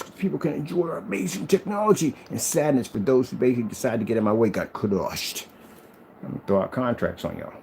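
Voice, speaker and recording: Man, boastful and taunting, casual vlog rant, lively swinging pitch, faint hiss behind. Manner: boastful and taunting toward critics. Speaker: projector screen maker.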